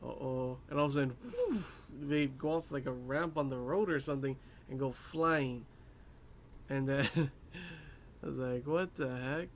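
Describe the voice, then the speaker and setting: Young male anime reviewer, mid pitch, loose rambling recap with faint background noise. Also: unhurried. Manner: rambling, many fillers, laughs at his own asides. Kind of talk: casual episode recap.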